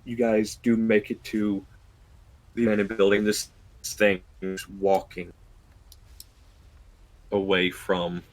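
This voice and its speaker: Male dungeon master, low voice, slow and measured scene narration. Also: level tone, rough recording. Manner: slow, deliberate descriptions with pauses. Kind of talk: narrating a tabletop game.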